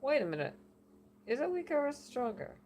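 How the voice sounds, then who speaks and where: A woman voicing a glib, self-satisfied male oracle in a deliberately bad put-on New York accent, chatty and boastful. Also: sits high, sing-song, darkish tone, slight background noise, pitched above the performer's own voice. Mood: emphatic.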